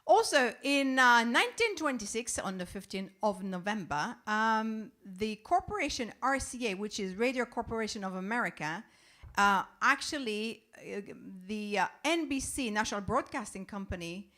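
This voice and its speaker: A woman's voice: fairly high pitch, animated, normal speed, pushed and bright. A woman co-hosting a casual livestream, playful and chatty, dropping Italian phrases and hesitating with ums as she recounts facts. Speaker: livestream co-host. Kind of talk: casual chat on a home livestream.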